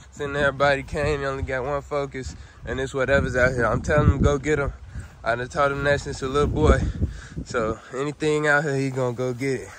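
A man vlogging outdoors on his rural property, talking in a laid-back, slangy way and calling loudly to his dog. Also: mid-range voice, level tone, brisk, background noise. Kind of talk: casual outdoor vlog.

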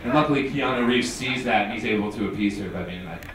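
A man hosting a stand-up comedy show on a bar stage, with animated, energetic patter. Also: on the low side, fast talker, background noise. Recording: echoey bar from a distance.

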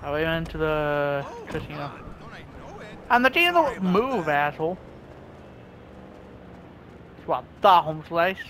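A man giving casual gameplay commentary, swearing and trash-talking other players, with sudden loud outbursts. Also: fairly high pitch, big pitch swings, a little slow, pauses often. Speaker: gamer. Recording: clear game noise behind voice.

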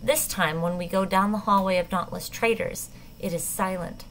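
A woman narrating a novel in the first person, measured and tense. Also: mid-range voice, a bit bright, a little hiss or hum, low-quality recording. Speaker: audiobook narrator.

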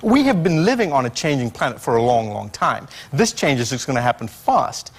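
A man's voice: medium pitch, fairly quick, slightly rough. A male scientist guest on a late-night talk show, telling stories with lots of fillers and restarts. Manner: animated storyteller, fillers and restarts.

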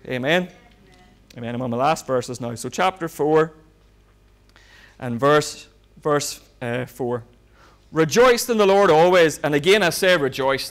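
A pastor preaching a sermon, swinging from loud fervent bursts to quiet asides. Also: male voice, high voice.

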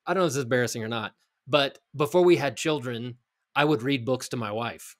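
Joking, animated middle-aged man. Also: mid-range voice, fast, no room sound, clean studio sound. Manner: animated, jokey, full of restarts. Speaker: podcast co-host and reader. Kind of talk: casual chat and reading aloud.

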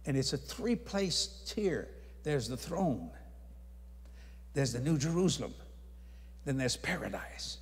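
A man preaching a sermon, telling his story in a folksy, animated way. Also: mid-range voice, takes it slowly, pauses often. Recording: reverberant hall.

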